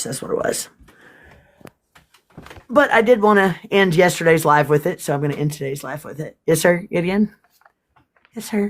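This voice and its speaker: A livestream host chatting casually with viewers, swearing freely and getting emotional. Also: medium pitch.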